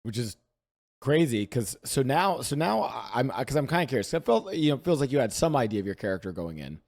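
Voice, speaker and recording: A man hosting a casual interview, asking curious questions with quick, stumbling restarts. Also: medium pitch, big pitch swings, vocal fry, darkish tone. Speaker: interviewer, podcast host.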